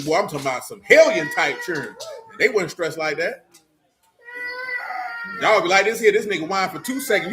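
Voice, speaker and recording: A middle-aged man preaching in loose talk, joking and mocking with loud bursts. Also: a little high, background noise. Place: church meeting room.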